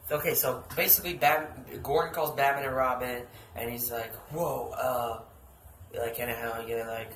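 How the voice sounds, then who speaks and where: A young man talks through a comic book story in a loose, rambling way, swearing and putting on the characters' lines as he goes. His voice sits at a middling pitch. The room sounds echoey, with a faint hum behind him. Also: a bit bright. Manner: rambling, swears, acts out quotes. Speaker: podcast host. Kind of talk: casual comic book recap.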